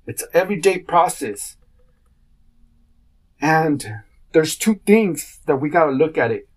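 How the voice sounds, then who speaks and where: A man hosting his own podcast, talking in a casual rambling monologue and acting out what people said to him. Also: on the high side. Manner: rambling storytelling, acts out quotes. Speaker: podcast host.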